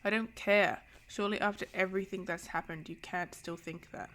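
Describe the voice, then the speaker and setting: A woman's voice: medium pitch, steady tone, brisk, a bit bright, lightly acted. A woman reading aloud the lines of a distressed young heroine from a novel, in a pleading, emotional way.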